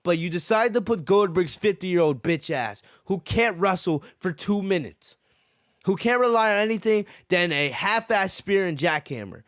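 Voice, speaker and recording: A man's voice: high voice, a bit bright, no echo, clean studio sound. A man hosting a podcast, giving a heated, profane wrestling review that repeats its points. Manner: ranting, repeats himself, profane. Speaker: podcast host.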